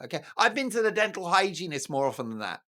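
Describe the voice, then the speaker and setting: A man's voice: high voice, big pitch swings, quick pace, sharp tone. A British man hosting a talk show, giving mocking, sarcastic news commentary in a theatrical way. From Britain.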